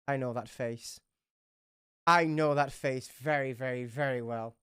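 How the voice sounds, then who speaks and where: A woman's voice: rumbling low, fairly even intonation, a little slow, smooth, no echo, clean studio sound. A woman running a tabletop game livestream, chatty and swearing freely as she narrates. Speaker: game master.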